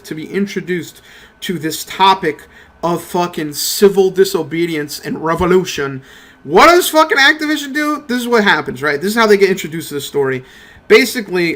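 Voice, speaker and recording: A young man with a bright, slightly high voice, talking casually over his gameplay. He rants with lots of swearing and slips into mocking impressions of other people as he tells a story. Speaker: mobile game streamer. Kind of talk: casual gameplay commentary rant.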